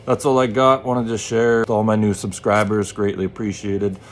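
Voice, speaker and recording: Low, flat-voiced man telling a story. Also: moderate pace, a little hiss or hum. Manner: candid, swears freely, loose rambling delivery. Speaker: channel host. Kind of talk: casual storytelling to camera.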